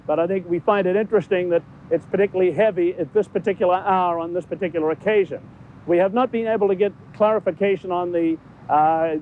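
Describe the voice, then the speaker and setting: A man gives a live war report from outdoors at night, his high voice squeezed thin as if over a phone line. A faint rumble sits behind him, and he speaks haltingly, with frequent pauses and fillers. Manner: measured, halting with many fillers. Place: hotel garden outdoors at night.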